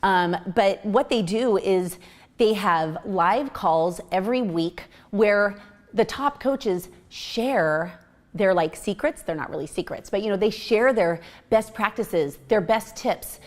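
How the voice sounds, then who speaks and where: A woman in her thirties giving a casual, upbeat recruiting pitch as a team coach, chatty and full of fillers. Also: slow pace.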